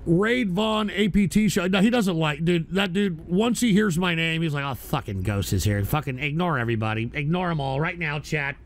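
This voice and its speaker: A man hosting a live stream, reacting to other streams with crude, excitable, cursing commentary. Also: on the high side, slight background noise. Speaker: streamer host.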